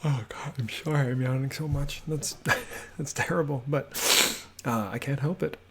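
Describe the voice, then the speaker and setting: A homebuilding vlogger records a house-tour voiceover in his home office, speaking at a middle pitch with a gravelly fry. He rambles in a relaxed, unhurried way, full of fillers and restarts, over heavy background noise.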